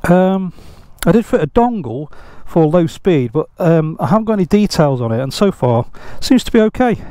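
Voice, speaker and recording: A man's voice: on the high side, very animated, normal speed, warm tone, dry recording. An older man, chatting casually outdoors beside his motorbike in a rambling, self-deprecating way. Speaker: motorcycle vlogger. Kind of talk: casual vlog chat.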